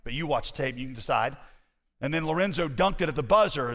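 A man preaching in a slightly high voice that carries a long hall reverb. He tells stories and moves between soft, intimate asides and loud, emphatic rhetorical questions. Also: brisk. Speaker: pastor. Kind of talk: sermon.

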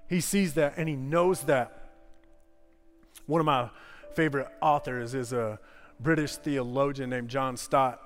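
A pastor preaching a sermon in a church, building to impassioned repeated phrases. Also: male voice, a little high, in a large hall. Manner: impassioned, repetitive preaching cadence. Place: church sanctuary.

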